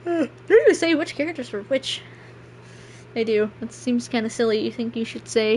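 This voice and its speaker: Woman streamer, higher voice, rambling and self-deprecating over a game, faint room noise. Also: expressive, a little fast, a little mellow. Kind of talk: casual gameplay stream chat.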